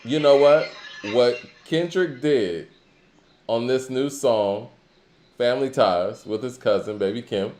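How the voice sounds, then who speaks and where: A man's voice: mid-range voice, slow pace, reverberant, noisy background. A man co-hosting a casual talk show, musing conversationally with lots of filler phrases. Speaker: podcast co-host. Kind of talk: casual hip-hop discussion.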